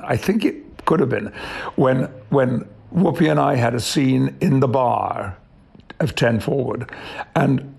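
An older man talks through an interview in an eloquent, reflective way. His voice is deeply gravelly with a husky edge, pausing thoughtfully between ideas. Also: darkish tone. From Yorkshire, England. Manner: measured, eloquent, with thoughtful pauses. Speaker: interview guest, actor.

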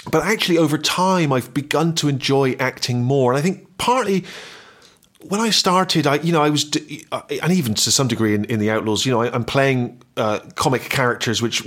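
A middle-aged man with a West Country Bristol accent, speaking at a mid pitch as a radio interview guest. He circles around his points, restarting sentences and leaning on fillers as he talks about his work. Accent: Bristol West Country English. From Bristol, West Country, England. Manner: hesitant, many restarts and filler words. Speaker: interview guest, actor and writer.

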